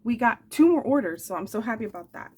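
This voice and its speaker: Speaking fast and with animation, a woman in her forties shows off craft supplies for her channel, chatting affectionately with rambling asides. Her voice sits a little high, has a darkish tone, and carries a slight hiss or hum.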